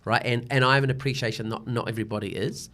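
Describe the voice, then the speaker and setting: A man's voice: medium pitch, fast. An older man with a New Zealand accent, a broadcaster talking casually in an interview and often acting out quoted voices. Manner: animated storyteller, slips into quoted voices. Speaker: broadcaster guest.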